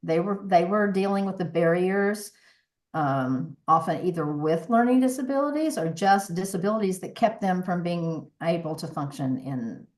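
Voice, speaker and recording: A voice coach in her sixties speaks in a lowish, slightly mellow voice at a moderate pace, animated as she talks earnestly and reflectively as a podcast guest in a conversational interview. She often restarts her sentences.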